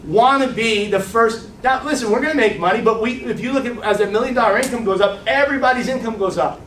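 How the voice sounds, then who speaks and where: A man giving a casual, animated business training talk to a group, blunt and swearing freely, often checking in with "right?". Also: very high voice, fast talker, a little hiss or hum. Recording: echoey room, mic far off.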